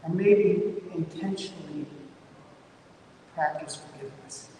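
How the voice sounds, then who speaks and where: A man's voice: measured pace, dark tone. A man preaching a sermon in a conversational way, often repeating himself and adding "you know" and "maybe". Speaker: pastor. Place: large church sanctuary. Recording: echoey church hall from far off, faint rumble.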